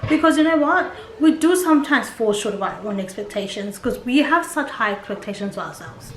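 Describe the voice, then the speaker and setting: A woman's voice: fairly high pitch, lively intonation, a little fast. A young adult woman, a mother vlogging at home, talking candidly and chattily in a casual style. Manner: candid and chatty, with quoted voices. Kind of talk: casual personal vlog talk. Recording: echoey room with faint hum.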